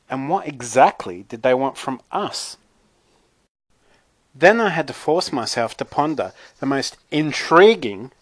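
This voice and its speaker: A man's voice: mid-range voice, dry recording. Wry man reading a storybook aloud. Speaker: audiobook narrator. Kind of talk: first-person storybook narration.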